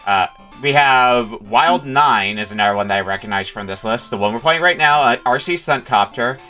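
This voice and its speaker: A man's voice: medium pitch, normal speed, sharp tone, soft background music. A man hosting a retro gaming stream, chatting and explaining while he plays. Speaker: stream host. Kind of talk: casual group chat while gaming.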